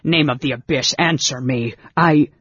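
A hulking, gruff warrior from a storybook, put on by a man reading aloud, bellowing and grumbling with a husky, gravelly edge. The voice sits a touch lower and rougher. It comes from a dull, dry lo-fi recording. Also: level tone, moderate pace, no room sound. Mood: exasperated shouting. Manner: shouting, exasperated. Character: big blustering male warrior, worried and gruff.

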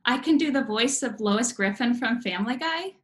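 A woman's voice: fairly high pitch, lively intonation, normal speed, fairly bright tone, reverberant, soft background music. A woman chatting playfully as a guest. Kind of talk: casual interview chat.

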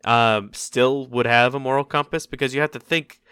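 A man co-hosting a comedy podcast, arguing his points in an animated, mock-serious way. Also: mid-range voice, moderate pace, smooth, no room sound, studio quality. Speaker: podcast co-host. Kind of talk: casual comedic chat.

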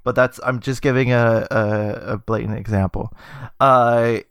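A man's voice: medium pitch, fairly even intonation, measured pace, smooth, dry recording. Guy cohost sharing movie trivia, lots of uhs, dry close mic. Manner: chatty, trails off with fillers, laughs easily. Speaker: podcast co-host. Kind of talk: casual film chat.

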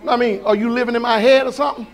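High-pitched animated preacher man. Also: racing. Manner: animated, shouting and laughing, acts out voices. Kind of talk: sermon.

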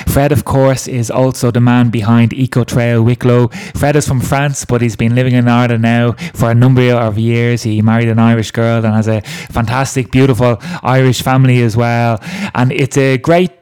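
A man's voice: mid-range voice, level tone, normal speed, a little mellow, smooth. Upbeat man introducing a podcast guest. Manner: upbeat, enthusiastic praise of the guest. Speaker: podcast host. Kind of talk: scripted episode introduction.

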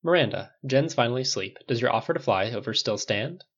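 A man's voice: medium pitch, animated, a little fast. A man voicing a wry male soldier who jokes dryly. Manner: dry, joking. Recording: dull lo-fi recording.

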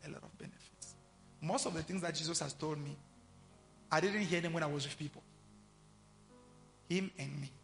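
A man preaching a sermon, swinging from quiet, intimate asides to loud shouting. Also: fairly high pitch, moderate pace, long pauses. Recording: long hall reverb, faint music behind.

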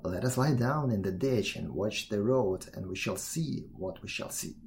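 A cunning, smug male fox from a storybook, his voice lifting a little higher as a man reads him aloud. He talks with a gravelly edge and a lively, swooping delivery. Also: normal speed, slight background noise. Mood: sly, smug. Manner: smug, knowing. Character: sly boastful male fox.

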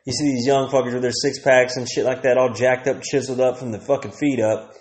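A man's voice: medium pitch, flat delivery, fairly quick, darkish tone, roomy sound. Crude rambling man in his thirties. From Texas. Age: 30s. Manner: crude, rambling, laughs often. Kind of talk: profane comedic rant.

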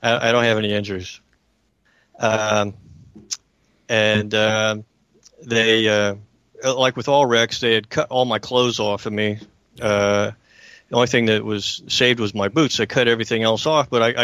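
A man's voice: fairly low pitch, steady tone, normal speed, pauses often, a bit bright, dry recording. Earnest man telling his story on radio. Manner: earnest, emphatic, keeps checking in with listeners. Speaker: radio show host.

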